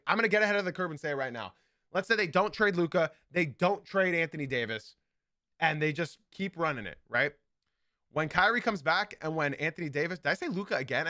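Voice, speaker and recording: Guy doing a live hoops podcast, bright punchy voice, really lively, repeats himself for emphasis. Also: a little high, dry recording, clean studio sound. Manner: animated, emphatic, repeats key points. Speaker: podcast host. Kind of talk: live basketball podcast commentary.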